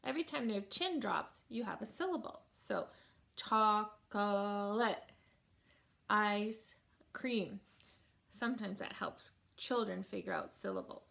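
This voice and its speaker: Woman teacher recording a home lesson; patient, slightly gravelly voice that draws words out one beat at a time. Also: a little high, sing-song, fairly bright tone. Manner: patient, slow, sounds words out syllable by syllable. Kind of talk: recorded remote lesson for families.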